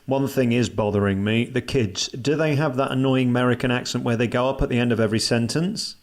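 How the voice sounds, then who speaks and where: A man's voice: mid-range voice, fast talker. A man hosting a radio interview, asking jokey, opinionated questions in a casual chat.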